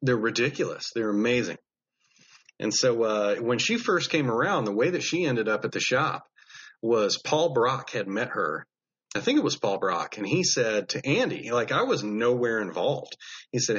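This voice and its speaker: A man who makes knives, telling stories as a podcast guest in a blunt, animated way with lots of fillers. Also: medium pitch, moderate pace, slightly rough, lo-fi sound. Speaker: knife maker guest. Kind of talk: casual podcast storytelling.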